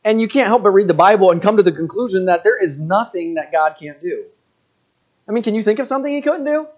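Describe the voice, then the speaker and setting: A man's voice: high voice, animated, fast, muffled recording. A man in his thirties giving a casual, rambling sermon, full of fillers and joking asides. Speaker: pastor.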